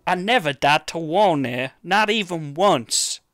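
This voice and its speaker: A man putting on a slow boastful old-timer. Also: fairly high pitch, lively intonation, a bit bright, no room sound, pitched above the performer's own voice. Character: boastful old man reminiscing in a retirement home.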